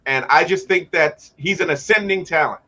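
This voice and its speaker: Male co-host analyst, bright and keen, audio a bit dull and lo-fi. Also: a little high, moderate pace. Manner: eager, talks players up. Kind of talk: casual sports talk show.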